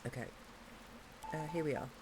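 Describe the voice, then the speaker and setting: English woman livestreamer, chatty and giggly, low-pitched, casual let's-play talk. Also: moderate pace, noisy background. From England.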